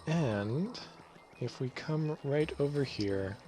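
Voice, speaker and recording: A man's voice: medium pitch, takes it slowly, soft background music. A man giving casual, rambling commentary over a video game, often correcting himself as he goes. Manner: relaxed, rambling, self-correcting. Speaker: let's play host.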